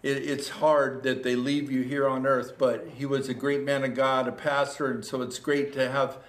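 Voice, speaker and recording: Earnest pastor preaching to a camera. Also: male voice, medium pitch, level tone, normal speed. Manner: earnest, repeats phrases, rises to exhortation. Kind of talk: livestreamed sermon. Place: church room. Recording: echoey room.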